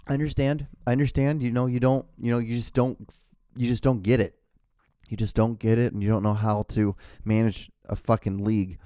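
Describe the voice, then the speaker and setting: A man's voice: mid-range voice, level tone, a little fast, warm tone, no room sound, studio quality. A young man hosting his own show, ranting in a rambling, profane, exasperated way. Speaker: podcast host. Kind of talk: casual rant.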